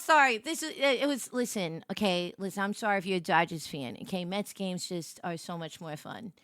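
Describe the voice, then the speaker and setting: A young woman streaming and greeting her viewers in casual chat, animated and swinging from soft murmurs to excited squeals. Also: mid-range voice, moderate pace, clear, resonant tone, no echo, studio quality.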